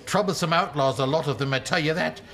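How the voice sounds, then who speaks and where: A man voicing a shifty, smelly male halfling thief with a squeaky, whiny voice. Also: fast, a bit bright. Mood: sneering.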